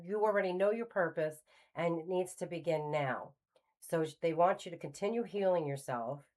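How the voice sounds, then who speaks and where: Middle-aged lady hosting her spiritual channel, low voice, chatty storytelling, does the voices of people she quotes. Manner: animated retelling, acts out quoted voices. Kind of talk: casual storytelling.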